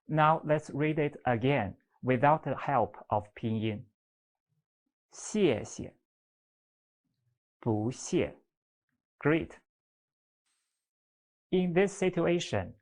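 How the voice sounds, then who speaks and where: A teacher leading a beginner Chinese lesson at an unhurried, steady pace. The delivery is patient, and each example word is stretched out slowly for students to repeat. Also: mid-range voice. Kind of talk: slow instructional explanation with repeat-after-me drills.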